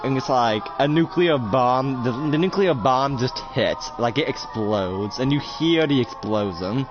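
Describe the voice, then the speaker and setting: A man's voice: medium pitch, lively intonation, measured pace. Rambling man narrating a roleplay. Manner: rambling, many fillers and restarts. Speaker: game master narrating a roleplay. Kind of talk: casual improvised storytelling. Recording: dull lo-fi mic with music behind.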